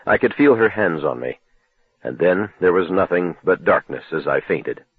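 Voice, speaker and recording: Husky, low-voiced male reader for a first-person novel, measured and dramatic; tinny, dry, phone-like audio. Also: expressive, no room sound. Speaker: audiobook narrator.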